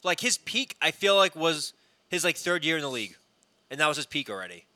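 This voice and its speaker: A man co-hosts a casual sports chat, blunt and salty, swearing freely as he talks. His pitch leaps around animatedly, and his tone is very bright and cutting. The recording is dry and close. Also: a little fast, no room sound. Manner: lively, blunt, swears often. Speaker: podcast co-host.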